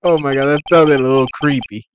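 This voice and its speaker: A man's voice: medium pitch, steady tone, brisk, noisy background, close to an everyday voice. A man reading lines as a flustered young male lawyer, awkward and self-conscious. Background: video game music.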